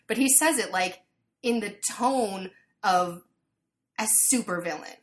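A woman chatting casually, telling an animated story full of fillers. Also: mid-range voice, measured pace, long pauses. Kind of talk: casual chat.

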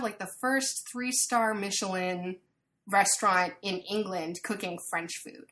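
A woman chatting casually, telling an animated story full of fillers. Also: medium pitch, a little slow. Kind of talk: casual chat.

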